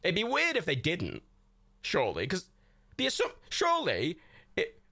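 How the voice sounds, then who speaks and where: A young man chatting casually on a livestream, rambling, sweary and quick to laugh. His bright voice swings widely in pitch, and it sounds close and dry on a desk mic. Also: wildly swooping pitch, creaky, no room sound. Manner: rambling, sweary, laughs often, self-mocking. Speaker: livestream host.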